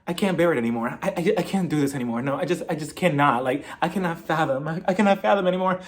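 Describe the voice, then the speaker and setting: A man's voice: fairly high pitch, fast talker, natural voice. A man mocking a fainting drama queen. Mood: melodramatic. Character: melodramatic woman on the verge of fainting.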